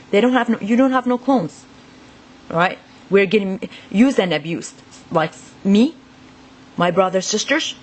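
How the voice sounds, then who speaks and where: A woman talking straight to the camera in a rambling, agitated monologue full of swearing. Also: mid-range voice. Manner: profane, rambling, agitated ranting. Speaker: vlogger.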